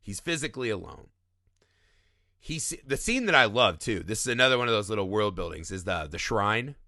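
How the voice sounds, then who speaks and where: Animated man with a bright, lively voice. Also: on the low side, brisk, dry recording, clean studio sound. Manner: animated, acts out movie lines in voices, laughs often. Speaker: podcast co-host. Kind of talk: casual film discussion.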